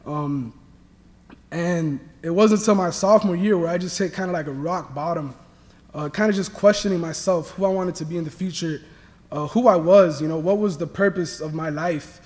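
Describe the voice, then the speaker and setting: A young man from Miami giving an earnest personal faith testimony, halting with many restarts. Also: on the high side, a little mellow, long reverb tail. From Miami, Florida. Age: young adult. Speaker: student athlete sharing testimony.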